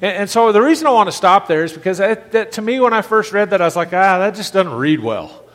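A man's voice: high-pitched, expressive, fast, fairly bright tone, long reverb tail. A man preaching a sermon as pastor, conversational, restarting his phrases often and rising in emphasis as he makes his points.

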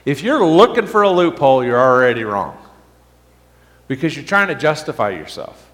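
A man's voice: medium pitch, normal speed. A man preaching a sermon to a congregation, throwing questions at them and restarting words as he talks. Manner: animated, asks the congregation questions, stammers on restarts. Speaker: pastor. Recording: long reverb of a hall.

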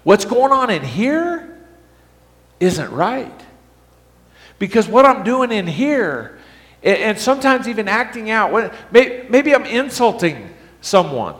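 A man's voice: high-pitched, a little slow. A man preaching a sermon to a congregation, throwing questions at them and restarting words as he talks. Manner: animated, asks the congregation questions, stammers on restarts. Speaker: pastor. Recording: long reverb of a hall.

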